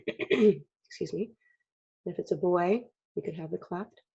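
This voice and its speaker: A woman with a frog in her throat, chatty and clearing her throat often as she teaches a casual drawing lesson. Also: fairly low pitch, slow pace, dark tone. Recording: dull lo-fi recording.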